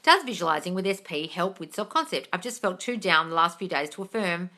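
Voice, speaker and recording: A bright-toned young woman chats through a live Q&A with blunt, profane advice. Her pitch leaps widely and she bursts into loud excitement without warning. She keeps addressing her viewers as darling. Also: a little fast. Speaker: livestream host answering viewer questions. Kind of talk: casual live Q&A chat.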